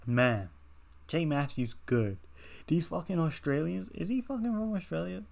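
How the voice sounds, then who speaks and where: A man's voice: on the high side, lively intonation, moderate pace, creaky, a little mellow. A young man hosting an MMA reaction channel, giving a casual, rambling fight breakdown with heavy swearing.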